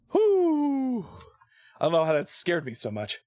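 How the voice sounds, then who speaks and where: A man streaming a video game, chatting and joking excitably, easily startled. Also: on the high side, no echo, studio quality. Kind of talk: live game commentary.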